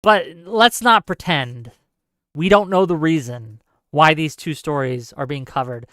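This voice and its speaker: A talk show host giving emphatic, argumentative commentary and rebutting viewer comments, often adding quick tag questions. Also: mid-range voice, a bit bright, dry recording, clean studio sound. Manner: frequent tag questions and fillers. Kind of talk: live call-in commentary, reading viewer comments.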